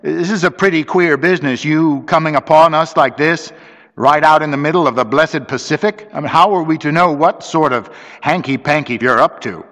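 Guy doing a rough blunt fisherman, pitched up a bit, quick and gruff, lots of reverb. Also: fairly bright tone. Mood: gruff, urgent. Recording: long reverb.

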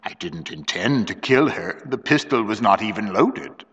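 A man reading a story voices a cold young officer who speaks calmly. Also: on the low side, moderate pace, slightly rough, in a large hall, dull audio, pitched below the performer's own voice, heavily acted. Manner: calm, flat delivery.

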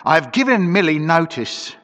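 A man reading the part of a cold, scheming older woman servant, who speaks quietly and with measured, outwardly respectful slowness. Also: on the high side, sing-song, voice pushed up. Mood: falsely deferential. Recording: dull lo-fi recording with long reverb.

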